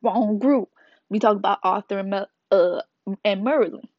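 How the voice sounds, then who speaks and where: Woman vlogger, casual slangy manga recap; lo-fi sound, no room echo. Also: mid-range voice. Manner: slangy and playful, retells scenes with quick asides. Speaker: manga reviewer. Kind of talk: casual video review. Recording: dull lo-fi dry sound.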